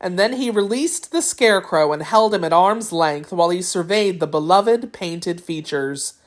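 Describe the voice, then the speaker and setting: A woman narrating a classic children's storybook with clear, expressive reading. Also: fairly low pitch, moderate pace. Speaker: audiobook narrator.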